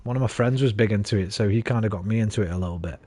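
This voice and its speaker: With a lowish, slightly mellow voice, a British man in his thirties races through casual commentary while streaming football and ranting at his team, swearing freely. The recording sounds dry, though the background is noisy.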